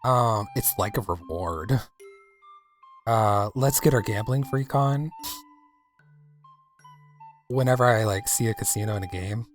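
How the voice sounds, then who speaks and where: A man's voice: fairly low pitch, measured pace, pauses often, soft background music. A man from the American South, chatting casually with his chat while livestreaming a game. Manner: chatty, rambling, playful.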